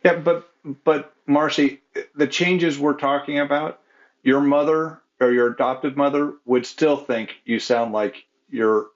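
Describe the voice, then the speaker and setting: A man who is a judge, talking in a thoughtful, measured way in a panel discussion. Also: a little high, fairly even intonation. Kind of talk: expert discussion. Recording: dull lo-fi audio.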